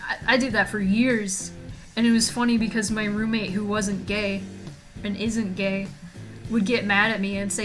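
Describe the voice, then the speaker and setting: A woman's voice: mid-range voice, level tone, normal speed, over music. A woman streamer in casual chat, joking and talking to her viewers as she draws. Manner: chatty and joking, reading chat aloud. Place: home streaming setup.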